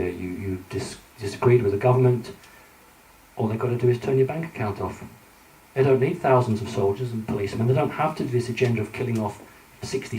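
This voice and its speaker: A British man gives an earnest, cautionary conference presentation with slides, using a mellow voice of medium pitch. Fillers and false starts run throughout his delivery. The sound comes from well back in a large conference hall, echoing, with a slight hiss.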